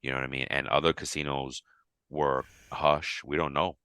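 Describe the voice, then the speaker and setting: A man with a very low voice co-hosts a podcast in a loose, casual back-and-forth. His tone is bright and forceful, and the recording is dry and close. He gets animated and shoots his voice way up when he acts out a reaction. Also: normal speed, clean tone, no echo. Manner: animated, jumps to high pitch when quoting himself. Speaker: podcast co-host.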